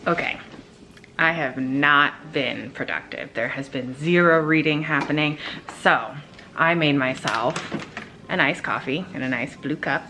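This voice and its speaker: A young woman chatting excitedly in a casual reading vlog from home. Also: deep voice, a little slow, music in the background. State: out of breath. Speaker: vlogger.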